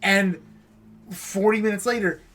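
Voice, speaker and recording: A man's voice: high-pitched, fairly even intonation, unhurried, fairly bright tone, slight background noise. Casual swearing male podcast co-host. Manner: swearing, chiming in with short replies. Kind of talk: casual chat.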